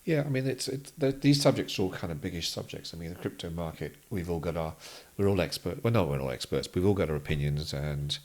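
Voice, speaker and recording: Man, from Kenya, podcast guest, very low voice, gravelly, animated storytelling. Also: fast, few pauses. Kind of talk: casual conversation.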